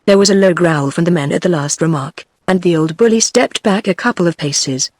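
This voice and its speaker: A text-to-speech woman's voice with a British English accent, reading a novel aloud in an even, synthetic way. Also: on the low side, brisk, dry recording. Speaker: audiobook narrator.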